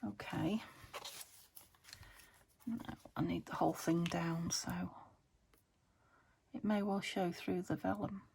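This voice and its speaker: Middle-aged woman, low gravelly voice, half-whispered chat at a craft desk, noisy home recording. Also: steady tone, slow pace, long pauses, darkish tone. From United Kingdom. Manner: chatty, muttering to herself, often dropping to a whisper. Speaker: craft vlogger.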